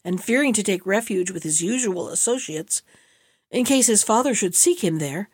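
A woman narrating an audiobook of an old tale in a measured, steady way. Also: medium pitch, husky, dry recording, studio quality. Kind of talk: audiobook reading.

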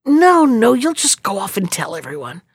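A woman's voice: a little high, very animated, moderate pace, husky, no room sound, clean studio sound, exaggerated voice. A woman voicing a crafty old peasant man who feigns wonder to fool his wife. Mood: sly. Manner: sly, coaxing, feigns wonder.

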